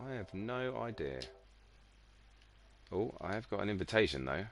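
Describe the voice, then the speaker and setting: A man's voice: on the low side, sing-song, normal speed, long pauses, soft background music. A man streaming a video game, chatting casually and joking with friends. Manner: joking, playful, breaks into laughs. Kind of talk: casual gaming chat.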